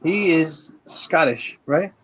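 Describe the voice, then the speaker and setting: Higher-voiced man on a lo-fi call. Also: lively intonation, takes it slowly, a bit bright, a little hiss or hum. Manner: hesitant, unsure, uses fillers. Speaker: guest on a stream voice chat. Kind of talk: casual chat. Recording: dull lo-fi voice chat with faint clicks.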